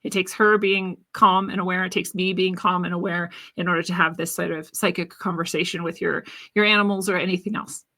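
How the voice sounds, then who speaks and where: A woman with a bright, forceful voice that sits a little low in pitch tells a personal story as a podcast host. She speaks in an earnest, reflective monologue with a spiritual bent. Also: flat delivery, brisk, hardly any pauses.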